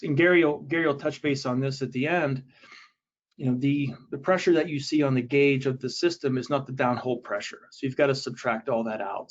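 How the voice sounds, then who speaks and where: Male webinar presenter, mid pitch, casual explanatory delivery with fillers, slightly muffled recording. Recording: dull, lo-fi audio.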